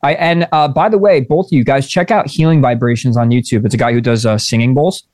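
A man's voice: medium pitch, steady tone, fast, darkish tone, dry recording, clean studio sound. A man co-hosting a podcast, chatting casually in a rambling way with many restarts and casual swearing. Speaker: podcast co-host. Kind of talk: casual chat.

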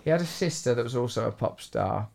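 A man's voice: mid-range voice, lively intonation, fast, vocal fry, darkish tone. A man hosting a podcast in casual chat, playful and teasing as he riffs on odd ideas. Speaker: podcast host.

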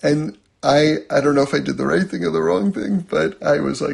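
A man teaching a religious lesson, telling a personal story and acting out quotes in a much higher voice, often checking in with "okay?". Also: normal speed, gravelly, breathy edge. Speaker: Torah teacher.

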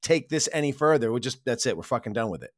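A man in a casual film podcast chat, animated, laughing often and swearing casually. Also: mid-range voice, fast talker, dry recording, studio quality.

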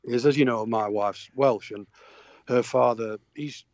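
A middle-aged Yorkshire man from Sheffield spins a rambling tour story, stopping and restarting with plenty of fillers. His voice sits at an everyday middle pitch. The sound is dull and muffled, close and dry. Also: measured pace, a little mellow, no echo. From Sheffield, England. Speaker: touring musician guest. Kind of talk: anecdotal interview chat.

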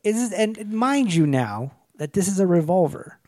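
A man casually recapping a movie with friends, animated and laughing often, jumping into silly voices for the characters. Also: high-pitched, moderate pace. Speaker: podcast co-host.

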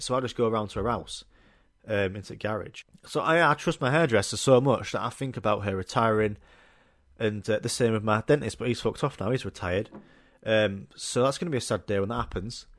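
A man's voice: fairly low pitch, a little fast, a bit bright, dry recording, clean studio sound. A young man hosting a casual solo podcast, joking bluntly and swearing freely as he rambles. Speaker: podcast host.

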